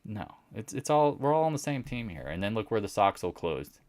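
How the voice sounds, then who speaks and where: A man hosting a casual live stock market recap, animated and sarcastic, often teasing imagined viewers. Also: lowish voice, a little fast, dry recording.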